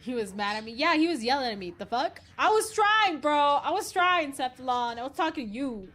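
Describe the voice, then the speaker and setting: A woman livestreams a game in a casual, chatty way, excitable and quick to swear or laugh. Her voice sits fairly high and leaps up and down with lively, animated swings in pitch. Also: slight background noise. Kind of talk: casual gaming livestream chat.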